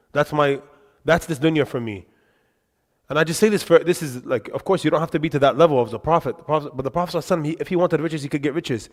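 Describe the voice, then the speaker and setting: A man giving a religious lesson in a mosque, telling lively anecdotes with quick asides. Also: fairly high pitch. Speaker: religious teacher. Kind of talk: storytelling lesson to a congregation. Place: mosque hall. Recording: reverberant mosque hall.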